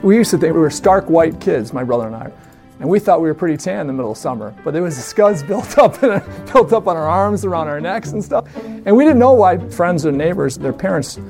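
A man spins a casual childhood story with a somewhat high, gravelly voice, breaking into laughter and mimicking the people in it. Faint music plays underneath him. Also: a little fast. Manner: animated, laughs often, mimics voices in quotes. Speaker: storyteller guest. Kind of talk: casual anecdote.

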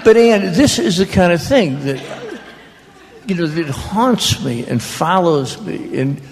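Slow, gravelly man telling stories. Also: sits high, lively intonation, a little mellow, a faint crowd. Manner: folksy, halting, restarts mid-phrase. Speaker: author on stage in conversation. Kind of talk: storytelling to a live audience. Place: large hall before an audience. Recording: long hall reverb.

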